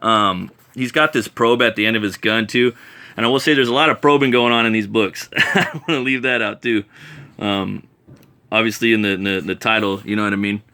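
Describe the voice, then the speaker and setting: A man's voice: on the low side, a little fast, pushed and bright, clear, resonant tone. A man casually reviewing comic books, rambling enthusiastically with many fillers and restarts.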